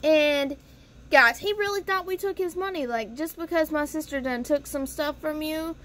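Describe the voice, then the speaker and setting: Young woman, high voice, casual storytime vlog, chatty, swears, talks to viewers. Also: normal speed, fairly bright tone. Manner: chatty, profane, addresses viewers as guys. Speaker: storytime vlogger.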